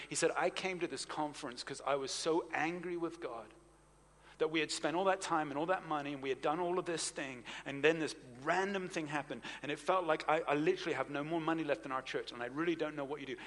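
Bright-voiced preacher in a reverberant hall. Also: male voice, on the high side. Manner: animated anecdotal storytelling with asides. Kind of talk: sermon storytelling.

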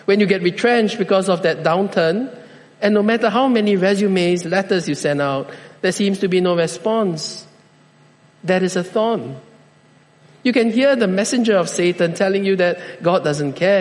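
A man preaching a sermon as pastor, speaking slowly and deliberately with measured pauses. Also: sits high, long reverb tail.

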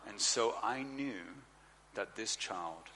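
A man telling a personal story in a sermon, animated and acting out the other voices in his story. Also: lowish voice, slow pace, slight background noise. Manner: animated storyteller, acts out dialogue. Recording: long hall reverb.

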